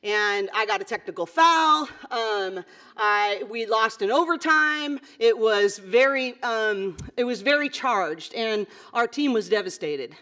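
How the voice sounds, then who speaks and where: A woman's voice: on the high side, expressive, slow pace, bright, forceful tone. A middle-aged woman coach giving a motivational conference speech in an earnest, conversational way, with many fillers and asides. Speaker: basketball coach giving a talk. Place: conference hall.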